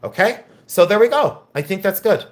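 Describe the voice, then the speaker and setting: American man, live auction host, slightly high voice, joking, rambling. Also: lively intonation, normal speed. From United States. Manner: joking, teasing viewers, rambling. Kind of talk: casual live-stream sales chat.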